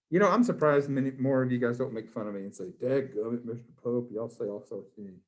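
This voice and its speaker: A man with a drawl teaches a biology class. He quizzes his students one by one in a playful, cheerful way, with an average-pitched voice. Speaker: high school biology teacher.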